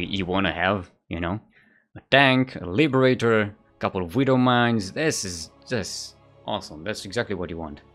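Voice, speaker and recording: An esports caster covers a live video game match in a medium-pitched, slightly bright voice. He rambles, often correcting himself with a light chuckle, as faint music plays in the background.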